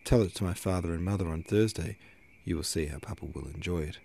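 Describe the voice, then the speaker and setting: A man voicing a gentle, amused middle-aged mother who coaxes and soothes in a storybook reading. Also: low voice, fast, a little hiss or hum. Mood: coaxing. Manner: soothing, lightly coaxing.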